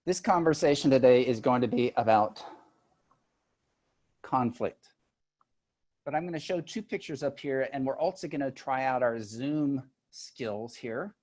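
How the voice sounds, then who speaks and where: A man's voice: mid-range voice, unhurried, a little mellow. A man, an agile and leadership coach, presenting a webinar over a video call in a conversational way with joking asides. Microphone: computer mic on a video call.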